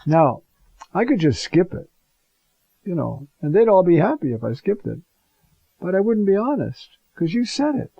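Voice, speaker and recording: Priest, homily, chatty with fillers; dull, dry lo-fi recording. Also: male voice, high-pitched, big pitch swings, normal speed, creaky, pauses often, breathy edge, dry recording. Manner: conversational, many fillers and asides.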